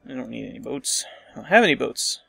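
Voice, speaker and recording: Bright, gravelly man thinking aloud. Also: mid-range voice, lively intonation, fast, dry recording, soft background music. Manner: thinking aloud, muttering asides. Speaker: let's play host. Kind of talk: casual strategy game commentary.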